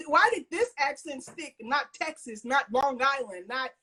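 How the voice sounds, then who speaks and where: A woman's voice: high voice, lively intonation, unhurried, bright, forceful tone. A woman hosting a casual interview over a video call, bubbly and laughing often. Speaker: host.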